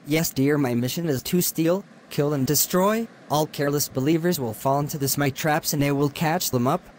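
A deceitful young man who secretly serves evil, scornful and mocking in his talk, as a man voices him for an amateur cartoon. His voice sits a little high for a man. He laughs at his victims with open contempt. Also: normal speed, a little hiss or hum, close to an everyday voice. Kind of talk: amateur animation voice acting.

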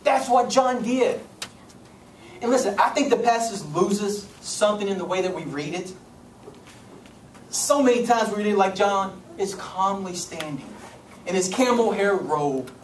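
A male pastor from Kentucky preaching a sermon, dramatic, dropping to soft low tones and rising again. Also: measured pace. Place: church sanctuary. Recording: echoey church room, distant mic, faint noise.

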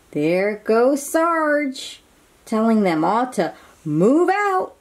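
A woman reading a children's picture book aloud, animated and asking her young listeners questions. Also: on the high side, drawn-out words.

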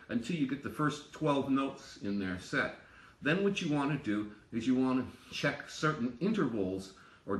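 A man's voice: medium pitch, a bit bright. A man teaching ear training, explaining step by step and chanting rhythm syllables to show pulses. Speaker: music teacher. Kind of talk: explanatory lesson. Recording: echoey room, distant mic.

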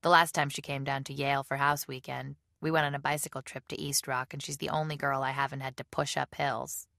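A woman's voice: a bass voice, level tone, brisk, vocal fry, pushed and bright, dry recording, studio quality, heavily acted. A woman voicing a casual, offhand young male college student in an audiobook reading.

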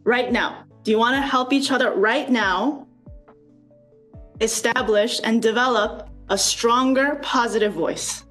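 A woman's voice: on the high side, a bit bright, soft background music. A woman leading a group over a video call, coaxing and asking lots of questions. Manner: slow, coaxing, asks many questions. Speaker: speaker leading a student workshop.

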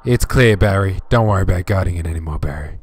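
A man's voice: sits low, fast talker, breathy edge. A man hosting a horror game playthrough, joking and swearing as he talks to objects in the game. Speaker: let's play host.

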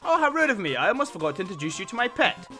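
A man's voice: sits high, big pitch swings, rapid-fire, sharp tone, faint music behind, full character voice. A man reading out the lines of a sweetly menacing female spider baker from a video game, in a mock-sweet tone.

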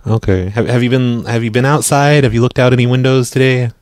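A man hosting a live radio show and making prank phone calls, speaking deadpan and often stumbling over his words. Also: mid-range voice, brisk, dry recording, studio quality. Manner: deadpan, stammers and repeats words. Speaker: prank-call radio host.

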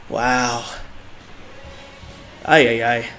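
A young man giving excitable live commentary on his own video game match, groaning and cheering at each play, his throat a bit dry. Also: a little high, measured pace, long pauses, faint music behind. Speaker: gaming channel host.

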